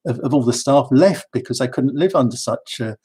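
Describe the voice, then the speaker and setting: A man's voice: mid-range voice, fairly quick, a little mellow, husky. A man, giving his strong views in a talk. He speaks with emphasis and often repeats words as he starts a phrase. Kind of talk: opinionated monologue.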